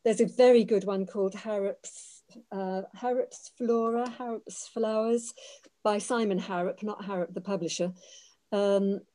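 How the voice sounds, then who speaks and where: A woman panellist on a botany webinar, talking in an enthusiastic but halting way and repeating words. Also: mid-range voice, steady tone, dark tone. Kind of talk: casual webinar answer.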